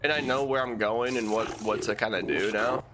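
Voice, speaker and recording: A young man chatting casually on a live game stream, slangy and relaxed, thanking viewers with lots of fillers and restarts. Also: mid-range voice, a little fast, noisy background. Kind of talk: casual live-stream chat while gaming.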